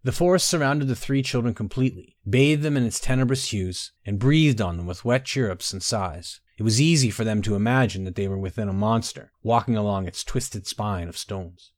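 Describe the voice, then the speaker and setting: A man narrating a story in a measured storytelling manner, softly voicing the dialogue. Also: fairly low pitch, no room sound, clean studio sound. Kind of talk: scripted narration.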